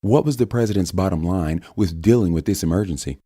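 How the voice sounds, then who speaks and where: A man voicing a polished female cable news anchor in a bright, upbeat broadcaster tone. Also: low voice, brisk, breathy edge, dry recording, studio quality, pitched above the performer's own voice.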